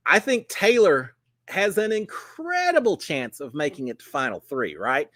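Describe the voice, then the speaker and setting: A man's voice: a little high, very animated, measured pace, sharp tone, no echo, clean studio sound. A middle-aged man hosting a casual livestream chat, folksy and upbeat, with plenty of "uh" fillers. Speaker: host.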